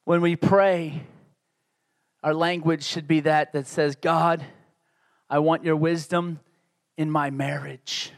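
A man's voice: on the high side, level tone, slow, long pauses, clear, resonant tone. A man preaching a sermon as pastor, conversational and joking, building to emphatic peaks.

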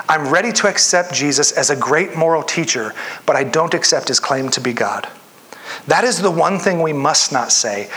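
A man preaching a sermon with an earnest delivery. His voice sits a little higher than most men's. He reads scripture aloud and slips into the voices of people in the story. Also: pushed and bright. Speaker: pastor.

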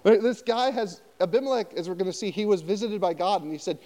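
High-voiced man preaching a conversational sermon. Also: fast, few pauses, long reverb tail. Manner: conversational, animated, asks the audience often. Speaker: pastor.

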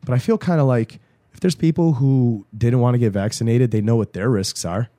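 A man with a voice hoarse from a cold, chatting casually as a podcast co-host and rambling through a story with lots of fillers. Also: mid-range voice, brisk, dark tone, dry recording, studio quality. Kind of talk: casual chat.

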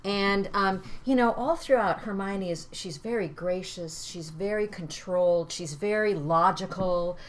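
A woman's voice: medium pitch, measured pace, hardly any pauses. A middle-aged woman, a stage actress, chatting casually on a podcast and acting out lines as she explains. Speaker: Shakespearean actress and guest.

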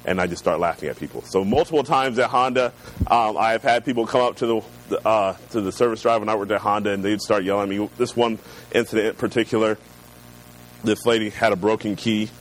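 A man preaching a sermon, reading scripture slowly and then telling personal stories in a relaxed, conversational way. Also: fairly low pitch, a little hiss or hum, poor audio. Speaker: pastor.

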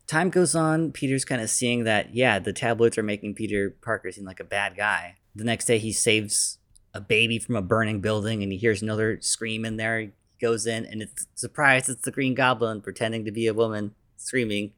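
A man casually retelling a film's plot in a loose, rambling way, full of fillers, briefly putting on quick voices for the characters. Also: lowish voice, a bit bright. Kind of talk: casual movie plot recap.

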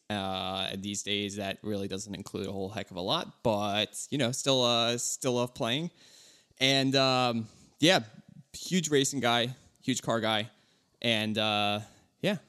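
A man in his thirties with a lowish voice co-hosts a casual car podcast. He talks in a relaxed, rambling way, with loose, animated storytelling. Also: measured pace. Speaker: podcast co-host.

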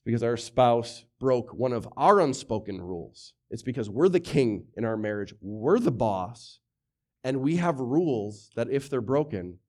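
A middle-aged man preaching a sermon as a pastor, talking conversationally with many rhetorical questions and swinging from loud emphasis to hushed lines. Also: mid-range voice, animated, moderate pace.

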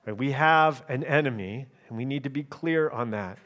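A man preaching a sermon in a measured, emphatic way, often checking in with his listeners through quick tag questions. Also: medium pitch, fairly bright tone.

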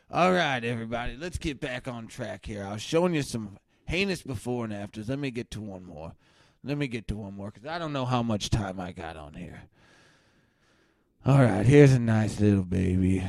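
A man doing a satirical webcast rant, bombastic and erratic, swinging from muttering to shouting. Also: medium pitch, expressive, normal speed, no room sound. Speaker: mock livestream ranter.

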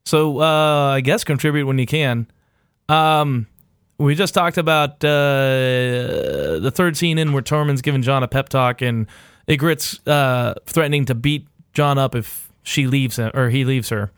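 A man's voice: medium pitch, a little slow, clear, resonant tone, no echo, studio quality. A man hosting a podcast in casual chat, loose and profane, with lots of filler uhs. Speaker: podcast host.

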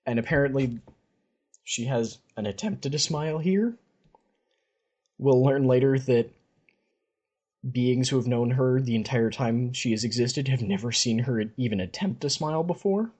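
A man with a husky voice and a middle pitch chats through a recap of fantasy fiction. He mixes casual commentary with passages read straight from the text. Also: normal speed, long pauses, darkish tone. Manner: chatty retelling, reads passages aloud. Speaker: podcast host.

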